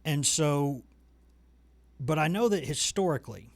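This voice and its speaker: A man's voice: on the high side, animated, a little slow, no echo. A man hosting a casual sports talk show, rambling and joking at his own expense. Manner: rambling, joking, self-deprecating.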